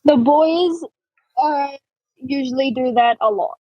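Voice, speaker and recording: A woman's voice: sits high, slow pace, no echo. A young woman co-hosting a podcast in casual chat, telling stories with many fillers and restarts. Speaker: podcast co-host. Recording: dull lo-fi, dry sound.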